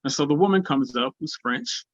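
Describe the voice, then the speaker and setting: A man giving a spiritual talk, telling a personal story in an animated way and acting out the voices of people in it. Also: a little high, normal speed, no echo, lo-fi sound. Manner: animated, acts out quoted voices. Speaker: speaker at a spiritual gathering.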